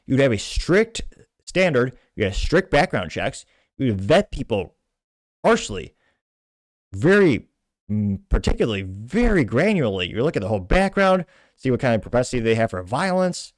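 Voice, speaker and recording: A man's voice: mid-range voice, very animated, moderate pace, no room sound, studio quality. A man from Texas hosting a political commentary show, delivering blunt, indignant rants with heavy emphasis.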